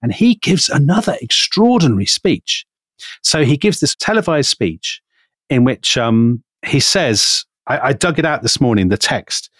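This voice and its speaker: A British man co-hosting a podcast, telling a history story in an animated way. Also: medium pitch, unhurried, no echo. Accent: British English. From Britain. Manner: animated, storytelling, quotes figures with emphasis. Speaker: podcast co-host.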